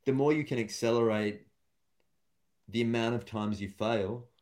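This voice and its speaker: A man's voice: medium pitch, normal speed, a little mellow. A man, a stand-up comedian and guest, talking casually and thoughtfully in an interview, with many fillers and restarts.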